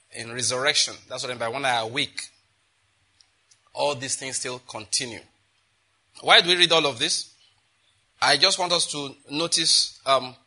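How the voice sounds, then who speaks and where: Male pastor, sermon delivery, emphatic, sharp bright tone. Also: medium pitch. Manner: emphatic, quizzes the congregation. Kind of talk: sermon with scripture reading.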